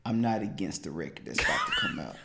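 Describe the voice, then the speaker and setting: A man co-hosting a podcast, chatting casually in a playful, expressive way. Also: fairly low pitch, quick pace, noisy background. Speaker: podcast co-host. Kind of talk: casual chat. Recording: echoey room.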